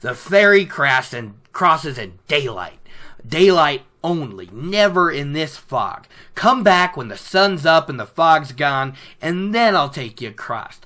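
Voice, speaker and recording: A suspicious, grumpy ferryman who grumbles and bristles at strangers until gold changes his tune, as a podcaster puts him on. He speaks slowly, in a bright, tense voice. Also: mid-range voice, very animated, full character voice. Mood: gruff. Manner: gruff and indignant, then eager.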